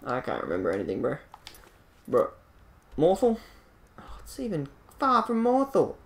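A man casually commentating his gameplay into a desk microphone, excitable and jokey with loud bursts. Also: on the high side, normal speed, creaky. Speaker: gaming channel host.

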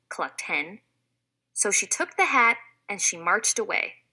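Slow, expressive woman reading to kids. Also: mid-range voice. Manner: clear, expressive read-aloud for children. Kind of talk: reading a children's storybook aloud.

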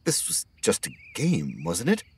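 A man narrating an audiobook horror story in a steady scripted reading. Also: low voice, measured pace, slightly rough.

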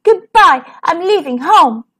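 A woman's voice: high-pitched, sing-song, a little slow, full character voice. Reginald, a woman voicing a cheerful veggie T. rex. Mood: hurt. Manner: bright and eager. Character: cheerful young male T. rex who loves vegetables.

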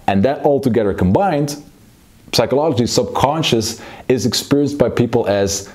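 A man teaching public speaking, moving between a slow low delivery and a fast excited one to show the difference. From Belgium. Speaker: speaking coach. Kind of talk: public speaking lesson with demonstration.

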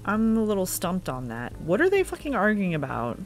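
A woman doing let's play commentary in a blunt, sarcastic and profane way, her pitch sitting in a middle range. Faint music runs quietly underneath her talk. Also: wildly swooping pitch, brisk. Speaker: gaming video creator.

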